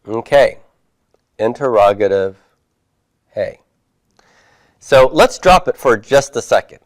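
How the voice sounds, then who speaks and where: A man's voice: medium pitch, lively intonation, takes it slowly, dry recording. Man teaching a Hebrew class. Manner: patient, asks the class questions and answers them. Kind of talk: classroom homework review.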